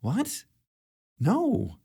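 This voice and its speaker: A man's voice: high-pitched, huge pitch swings, extremely slow, creaky, warm tone, slightly rough, pitched above the performer's own voice, full character voice. A man voicing an injured female officer whose damaged lungs make her voice clipped and choppy. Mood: alarmed, questioning. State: hurt and weak.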